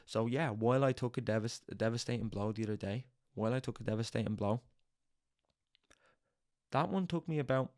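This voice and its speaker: A man's voice: mid-range voice, a little mellow. A young man giving an intense, profane motivational monologue as podcast host, hammering home each point through repetition.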